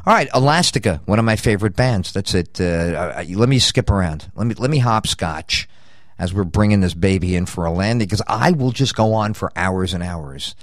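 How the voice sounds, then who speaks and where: A man's voice: deep voice, expressive, normal speed, no echo, studio quality. Rambling jokey older male radio host. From United States. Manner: rambling, jokey, riffs on lists. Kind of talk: rambling promo read.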